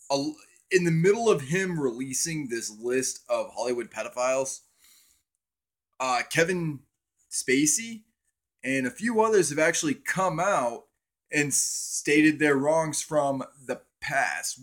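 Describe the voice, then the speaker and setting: A man's voice: mid-range voice, a bit bright. A young man hosting a casual livestream on his cell phone, rambling and swearing as he talks to viewers in chat. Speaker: livestream host.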